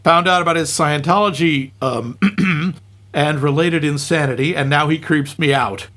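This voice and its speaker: A man's voice: on the high side, measured pace, a bit bright. A man co-hosting a film podcast, chatting casually and joking wryly while reading listener comments aloud. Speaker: podcast co-host.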